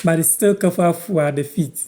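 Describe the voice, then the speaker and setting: Casting note: man from Ghana, live-stream language teacher, mellow dark tone, patient and repetitive. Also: a little high. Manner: patient, repeats words slowly to teach. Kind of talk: live-stream language lesson, answering viewers.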